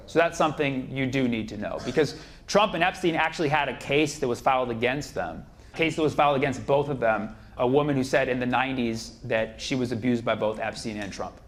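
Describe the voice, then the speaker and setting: A male stand-up comedian delivering a mock-serious, conspiratorial routine on a comedy club stage. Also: mid-range voice.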